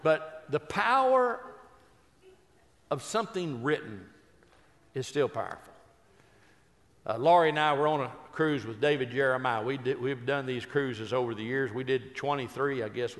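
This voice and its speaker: An older man, a Christian speaker and humorist, tells folksy, joking stories that turn earnest in a humorous storytelling talk. His voice is medium-pitched with a fairly bright tone, and he's in a large hall.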